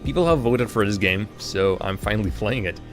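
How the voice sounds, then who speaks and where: A chatty man comments on his gameplay, jumping from mumbles to excited yelps with a lively, swinging pitch. Game music plays clearly behind him. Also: brisk. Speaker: streamer.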